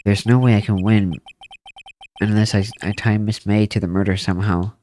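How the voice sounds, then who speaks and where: A man's voice: fairly low pitch, steady tone, moderate pace, mellow, faint music behind, natural voice. A man voicing a determined young male defense lawyer in a game, with a pressing, accusing manner. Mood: worried. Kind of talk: voicing a video game's text for a let's play.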